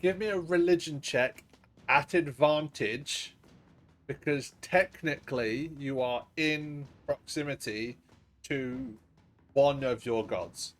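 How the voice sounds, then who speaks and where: A man's voice: mid-range voice, slow pace. A man narrating as dungeon master in a casual, laughing way that drops in swear words. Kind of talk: narrating a tabletop game. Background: faint ambient game music.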